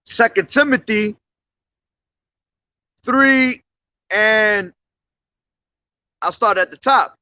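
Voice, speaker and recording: A man's voice: sits high, extremely slow, long pauses, pushed and bright, no echo, highs cut off. A man preaching on the street in a blunt, profane, confrontational way.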